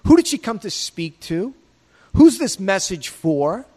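A man's voice: high-pitched, very animated, measured pace, darkish tone, breathy edge. A man preaching a sermon in a provocative, conversational way, with many rhetorical questions. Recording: long hall reverb.

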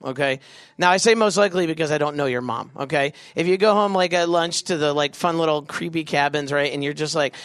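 A young man leading a big youth crowd through a game, joking and doing quick silly voices. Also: fairly high pitch, a bit bright, smooth, no room sound, clean studio sound. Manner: goofy, quick asides, acts out voices. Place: event venue with a live audience.

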